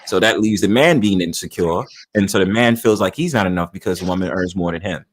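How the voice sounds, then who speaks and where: A man's voice: deep voice, a little fast. A man hosting a livestream, talking in a blunt, opinionated way and swearing freely. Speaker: livestream host. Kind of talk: casual livestream talk.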